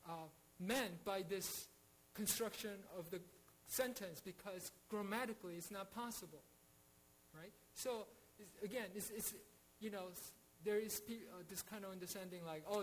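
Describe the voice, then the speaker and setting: High-voiced man teaching a Bible study. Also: a little hiss or hum, poor audio. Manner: earnest, many restarts and rhetorical "right?".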